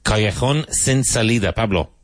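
A male English teacher with a deep, low voice runs a classroom vocabulary drill, brisk and encouraging. The recording is close and dry, with no room sound or echo.

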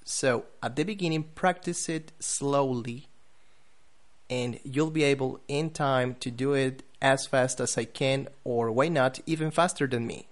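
A man hosts an English pronunciation lesson as a podcast. His voice sits at an ordinary middle pitch, and his delivery is deliberate, slowing down to say example words one at a time.

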